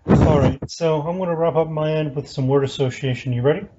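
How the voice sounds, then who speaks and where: A man hosting a podcast, firing off brisk questions in a casual chat. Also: on the high side, fairly even intonation, highs cut off, heavy background noise. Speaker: podcast host.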